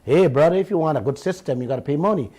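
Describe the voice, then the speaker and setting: A man with a Guyanese accent hosting a radio talk show, telling stories in an animated, indignant way and repeating himself. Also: a little high, racing, poor audio. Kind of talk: heated talk radio monologue.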